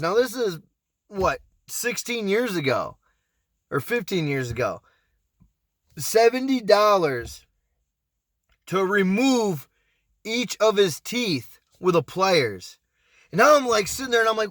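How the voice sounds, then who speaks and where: A man in his thirties telling a story in a casual, animated way, swearing freely and acting out what people said. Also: high voice, unhurried, no room sound, studio quality. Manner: animated, profane, acts out quotes. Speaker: storytime vlogger.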